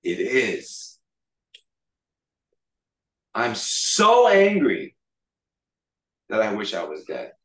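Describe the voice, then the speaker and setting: A man's voice: very deep voice, normal speed, pitched below the performer's own voice. A male preacher voicing the prophet Jonah as an angry, whiny complainer, heard in an echoey room from a distant mic. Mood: sulking.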